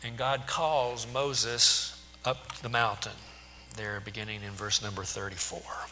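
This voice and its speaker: Guy preaching, retells the bible story loose and chatty, really bright voice, long reverb. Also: on the low side, little pitch movement, measured pace, slight background noise. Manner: retells scripture loosely with restarts and asides. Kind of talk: sermon.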